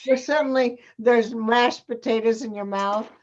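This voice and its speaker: A woman's voice: a little high, fairly even intonation, a little slow, a little mellow. A woman acting teacher coaching an online class over a video call, giving directions and teasing students. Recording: muffled video call audio.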